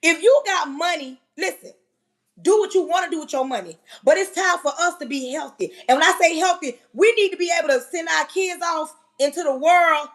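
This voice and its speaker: High-voiced woman scolding on a livestream. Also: brisk, fairly bright tone. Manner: preachy, scolding, emphatic. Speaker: livestream host. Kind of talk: passionate livestream rant.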